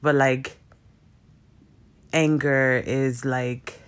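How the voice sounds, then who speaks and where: A young man speaking in a loose, rambling way, packed with slang and fillers and the odd curse. He talks straight to his viewers about feelings and spiritual strength, in an easy, conversational flow at an ordinary middle pitch. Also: flat delivery, extremely slow, fairly bright tone, clear, resonant tone. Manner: speaks in slang with dropped verbs. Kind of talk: casual spiritual self-help talk to viewers.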